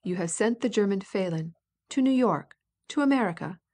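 A woman's voice: mid-range voice, lively intonation, normal speed, darkish tone, close to an everyday voice. A woman voicing an irascible old prince, blustering and sarcastic, in an audiobook reading. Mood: scornful.

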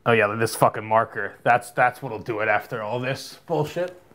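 A man's voice: medium pitch, normal speed, fairly bright tone. A man reacting to a horror game as he plays it. He is sarcastic, laughs often, and swears. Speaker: video game player. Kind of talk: casual let's-play reaction.

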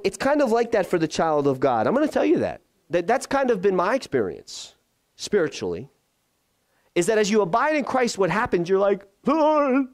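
A man preaching a sermon as pastor, conversational and lively, acting out the voices he quotes. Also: a little high, no echo, clean studio sound.

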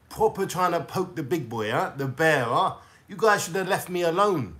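A man's voice: on the high side, expressive, normal speed, fairly bright tone. A young man with a London accent, venting a profane, confrontational call-out rant straight to camera in street slang. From England. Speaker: YouTuber.

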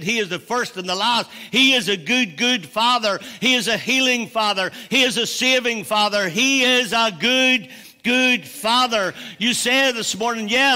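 A pastor with a Northern Irish accent preaches passionately in a church hall, building to emphatic declarations. His voice sits high, pushed and bright, and the recording carries long church reverb.

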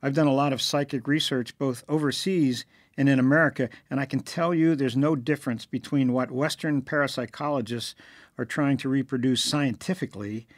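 A man reading a novel aloud as narrator, lifting his pitch a little for the characters' lines. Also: no echo, studio quality. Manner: reads dialogue with slightly raised pitch for characters. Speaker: audiobook narrator.

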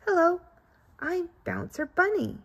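A woman's voice: very high voice, sing-song, measured pace, gravelly, fairly bright tone, pitched above the performer's own voice, full character voice. A woman voicing a cheerful, smiling young male bunny in a children's story read aloud, eager and bouncy.

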